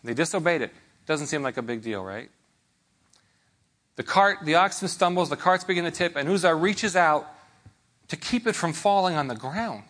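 Guy preaching a sermon, kinda high voice, chatty, keeps asking "right?". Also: animated, moderate pace, long pauses, a bit bright. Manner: conversational, with rhetorical check-ins to listeners.

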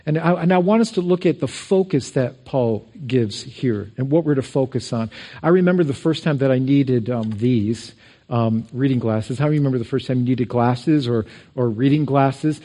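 A man's voice: medium pitch, moderate pace, dark tone. A middle-aged man preaching a sermon in a church, talking conversationally, sharing personal stories and repeating words as he goes. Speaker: pastor. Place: church sanctuary.

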